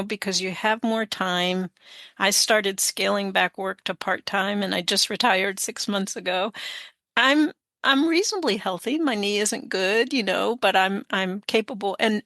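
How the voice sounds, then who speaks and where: A woman's voice: mid-range voice, fairly bright tone, dry recording, clean studio sound. A woman in her sixties, a guest author speaking in a chatty conversational interview, often laughing and using fillers. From United States. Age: 60s.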